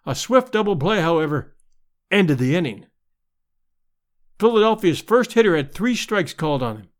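Male audiobook narrator, high and animated delivery, dramatic period sports tale. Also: moderate pace. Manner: lively, expressive storytelling with voiced crowd shouts.

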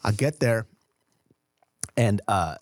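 A man co-hosting a podcast, telling a long story in casual chat with lots of swearing and animated delivery. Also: lowish voice, slow, no room sound. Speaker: podcast co-host.

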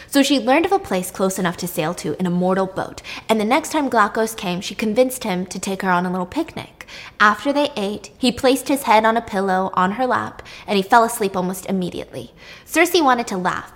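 A young woman casually retelling a myth, lively and irreverent, with casual swearing. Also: medium pitch, a little fast. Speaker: storyteller.

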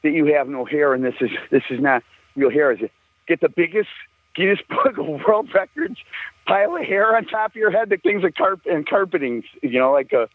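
A man's voice: fairly high pitch, big pitch swings, brisk, dry recording. An older man, a musician guest, telling rambling, profane stories in a casual chat and laughing often. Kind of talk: casual storytelling. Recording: tinny phone line, dry.

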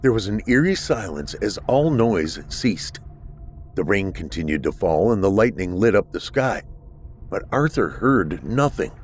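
A man narrating a horror story with steady, dramatic delivery. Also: fairly low pitch, measured pace, a little hiss or hum.

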